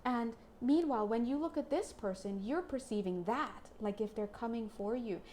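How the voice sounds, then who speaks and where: A fairly high-pitched woman talks straight to her viewers in a casual card reading, chatty and quick to get excited. She slips into playful little voices as she goes. A faint hum of noise sits under her voice. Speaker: spiritual card reader.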